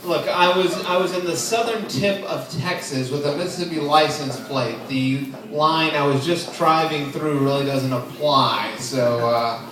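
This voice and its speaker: A man in his twenties performing an open mic stand-up set, deadpan and self-deprecating, chuckling at his own jokes. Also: fairly high pitch, unhurried, few pauses, distant mic. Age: 20s. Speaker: stand-up comedian. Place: comedy club stage. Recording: echoey club heard from afar, crowd noise. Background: audience laughing.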